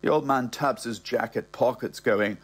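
Husky Dublin man narrating cockily. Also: mid-range voice, moderate pace. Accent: Dublin Irish. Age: middle-aged. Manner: cocky, slangy storytelling. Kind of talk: comic audiobook narration.

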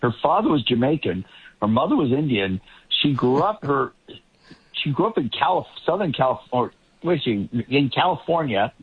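A man's voice: mid-range voice, big pitch swings, normal speed, husky. A man commenting as a guest on a political talk show, rambling and often restarting his sentences. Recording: tinny phone line.

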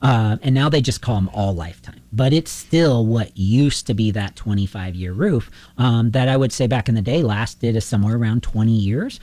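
Storytelling contractor man, mellow dry voice. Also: medium pitch, normal speed, few pauses, no room sound. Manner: animated anecdotes, acts out quoted phone calls. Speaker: roofing contractor. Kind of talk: casual interview storytelling.

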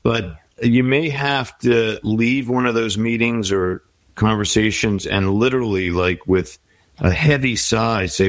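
A man's voice: lowish voice, unhurried, no room sound. A middle-aged man in an interview, talking reflectively and giving advice. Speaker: guest. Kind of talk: interview conversation.

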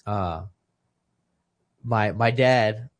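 A man's voice: fairly low pitch, drawn-out words. A man in his thirties, a retired boxer as podcast guest, telling a personal story with feeling and acting out the lines of other people. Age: 30s. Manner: emotional storytelling, acting out quoted dialogue. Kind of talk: casual podcast conversation.

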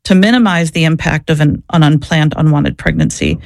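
A woman's voice: sits low, very animated, brisk, creaky, darkish tone, no room sound, studio quality. A woman and former social worker answering interview questions, telling her story in an earnest, reflective way. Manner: earnest, reflective, searching for words.

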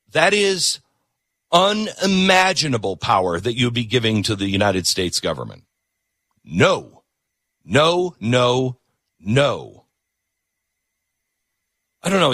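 A man's voice: medium pitch, sing-song, moderate pace, pushed and bright, no echo, studio quality. A man hosting a talk show, delivering an opinionated, emphatic monologue that repeats words for punch.

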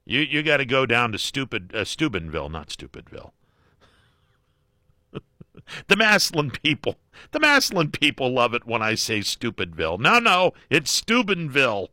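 A man's voice: mid-range voice, huge pitch swings, normal speed, sharp tone, no room sound, studio quality. A man hosting a call-in radio show, jokey and folksy, often cutting in on callers. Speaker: radio talk show host.

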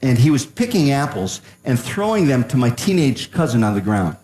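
An older man telling a humorous family story to a live audience, chatty with pauses and restarts. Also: mid-range voice, darkish tone. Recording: roomy echo.

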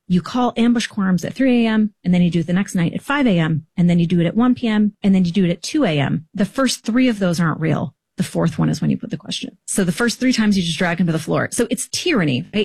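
A woman being interviewed, explaining a strategy in a brisk, cheerful and blunt way. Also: lowish voice, a little mellow, husky, dry recording. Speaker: interview guest, policy commentator.

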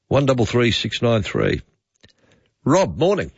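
A man's voice: medium pitch, wildly swooping pitch, a little slow, slightly rough, no room sound. A man hosting overnight talkback radio, chatty and rambling as he muses aloud to callers. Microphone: studio microphone. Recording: dull dry studio sound.

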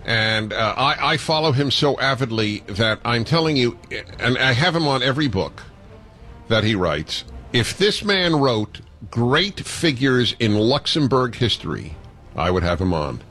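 Jovial American radio host, lively pitch. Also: male voice, unhurried, soft background music. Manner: jovial, chatty, laughs often. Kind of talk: radio talk show.

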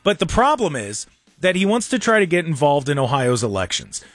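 A man's voice: fairly high pitch, very animated, a little fast, fairly bright tone, no echo. A man hosting a radio talk show, talking casually and sarcastically with mocking asides. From Ohio.

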